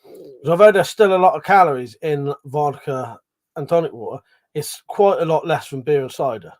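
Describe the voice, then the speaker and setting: Bloke on a livestream reading chat, sweary, chuckly, voice a bit on the high side. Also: male voice, moderate pace. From Britain. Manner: swears a lot, laughs, mumbles asides, self-deprecating. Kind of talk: casual live chat.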